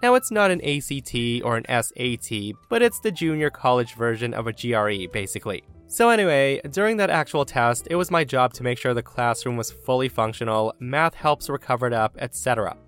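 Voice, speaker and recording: A man's voice: medium pitch, lively intonation, brisk, hardly any pauses, a bit bright, clear, resonant tone, faint music behind. Upbeat male podcast narrator. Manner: upbeat, chatty, often addresses listeners as guys. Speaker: podcast host and story narrator. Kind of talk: reading forum stories aloud.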